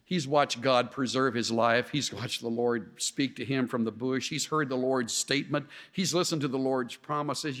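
Animated preacher in a reverberant hall. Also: male voice, mid-range voice, moderate pace. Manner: animated, acts out the quoted voices with sarcasm. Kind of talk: sermon.

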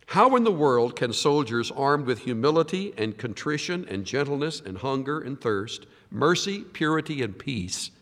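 Preaching man with big loud-soft swings. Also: medium pitch, in a large hall. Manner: dramatic swings from loud to hushed. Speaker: pastor. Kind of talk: sermon.

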